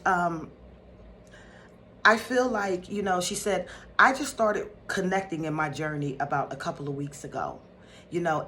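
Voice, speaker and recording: A woman from North Philadelphia, a spiritual teacher, telling a story to her viewers in a casual, excitable way with frequent laughter. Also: fairly low pitch, a little hiss or hum.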